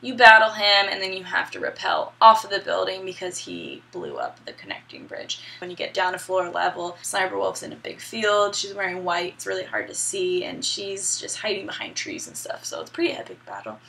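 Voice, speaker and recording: A woman's voice: medium pitch, very animated, brisk, gravelly, hardly any pauses, pushed and bright, a little hiss or hum. A young woman casually recapping a video game story, chatty and upbeat with some swearing. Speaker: gaming video host.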